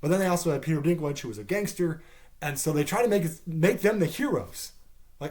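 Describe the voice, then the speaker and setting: A man's voice: fairly high pitch, lively intonation, quick pace, a little mellow. A caffeinated man ranting through a profane TV series review, swearing heavily and sounding exasperated. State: caffeinated, wired.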